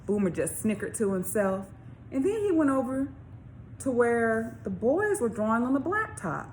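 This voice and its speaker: Woman author reading a kids book out loud, expressive, asking little questions, slight faint noise behind. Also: a little high. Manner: expressive, slow emphasis with questions to young listeners. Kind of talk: storybook read-along for children.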